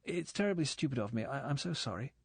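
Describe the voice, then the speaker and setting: A man's voice: medium pitch, a little fast, no echo, natural voice. A man voicing a nervous young woman who stammers out strangled, apologetic requests. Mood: flustered.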